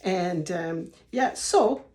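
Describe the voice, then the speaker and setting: A woman's voice: lowish voice, extremely slow. A woman in her sixties with a Liberian English accent, telling stories to camera from her home office and laughing often. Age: 60s. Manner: laughs often, warm and expressive. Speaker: vlogger. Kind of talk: casual storytelling to camera.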